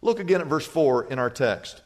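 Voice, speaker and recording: A man preaching a sermon as pastor, telling stories with big swings between loud and soft. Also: moderate pace, big-room sound. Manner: animated storytelling with wide swings in pitch and volume.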